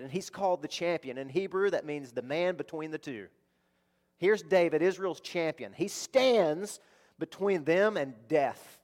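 A man's voice: fairly high pitch, big-room sound. A male pastor preaching a conversational sermon, asking the congregation rhetorical questions.

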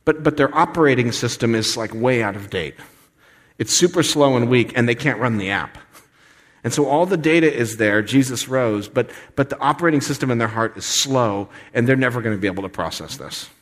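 A man in his forties preaching a sermon in a conversational, animated way. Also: mid-range voice, a little fast, in a large hall. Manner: conversational, animated, acts out voices. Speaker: pastor.

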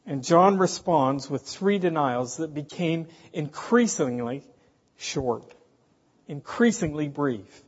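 A man preaching a sermon in a slow, emphatic way, asking the congregation rhetorical questions. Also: a little high, lively intonation, breathy edge. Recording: dull, hall reverb, from a distance.

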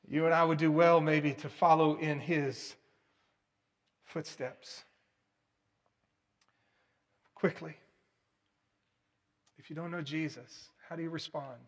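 Earnest man preaching, rising and falling. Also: fairly high pitch. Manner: earnest, emphatic, swings from loud to hushed. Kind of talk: sermon.

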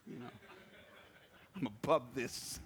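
A man's voice: mid-range voice, slow, a little hiss or hum. A male pastor preaching a sermon, telling personal stories in a conversational way and often asking "right?". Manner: animated storytelling with personal anecdotes; conversational, repeats words and asks "right?".

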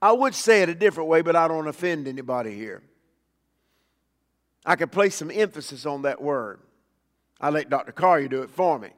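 A pastor with a high, light voice delivers a sermon. He talks to the congregation in a folksy way, swelling loud when he quotes scripture and sinking low and soft for his asides. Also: expressive, brisk, long pauses, in a large hall.

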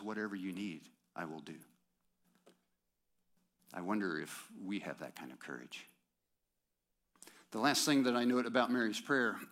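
Male pastor, lowish voice, chatty sermon delivery with rhetorical questions and asides to the congregation. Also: a bit bright.

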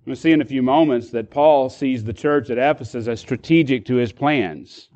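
A man's voice: mid-range voice, normal speed, a little mellow, dull audio. A man preaching as a pastor, explaining a passage with frequent restarts and repeated words. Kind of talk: sermon.

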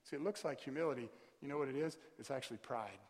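A male pastor preaching a sermon, with emphatic delivery that swells into loud, stressed peaks. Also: mid-range voice, quick pace. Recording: long hall reverb.

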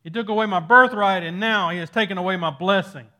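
A man's voice: sits high, fast talker, pushed and bright. A man preaching and voicing an anguished young man, bitter and pleading. His voice climbs well above a man's usual range, strained and insistent.

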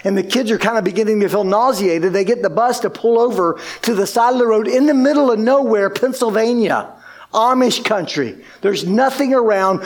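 A pastor with a high-sitting voice tells his church a long, energetic story, slipping into the voices of the people he describes. As the story builds, his speed and loudness keep shifting in animated sermon storytelling.

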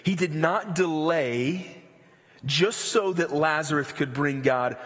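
A man preaching a sermon in a loose, animated way with slangy asides. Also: a little high, slow, big-room sound. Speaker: pastor.

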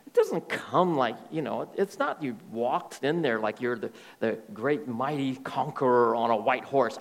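A male pastor preaching a sermon in an animated way, often dropping to soft, hushed tones. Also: medium pitch, a little slow, creaky, hardly any pauses.

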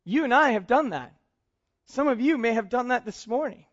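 A pastor delivers his sermon in a loose, conversational way and laughs lightly between points. His voice sits very high for a man. The recording is muffled and lo-fi. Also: animated, normal speed. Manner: conversational, chuckling often. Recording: dull lo-fi sound.

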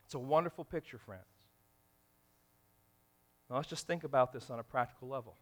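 A man preaching a sermon in a church, animated and acting out everyday scenarios in different voices. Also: mid-range voice, brisk. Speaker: pastor.

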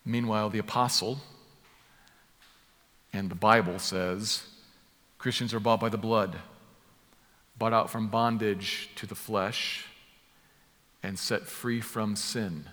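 A man's voice: lowish voice, fairly even intonation, takes it slowly, pauses often, sharp tone. A man preaching an expository sermon, explaining a passage in an emphatic way and repeating key words for stress. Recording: long hall reverb.

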